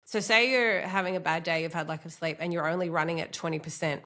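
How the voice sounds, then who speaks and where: A woman's voice: lowish voice, steady tone, fast. A woman hosting a podcast interview, sounding nasal from a cold, chatting casually and thanking her guest. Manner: chatty, warm thanks, laughs easily. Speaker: podcast host.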